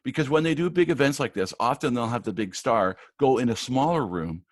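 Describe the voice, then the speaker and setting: A man working as a live event AV producer, casually telling backstage anecdotes in an interview, with lots of restarts and animated retellings. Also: mid-range voice, fairly quick, no echo, clean studio sound.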